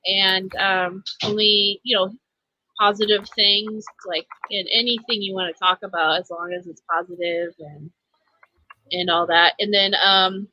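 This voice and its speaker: A woman's voice: mid-range voice, steady tone, unhurried, sharp tone, muffled recording. A woman hosting a live stream, chatting casually with plenty of fillers. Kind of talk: casual chat.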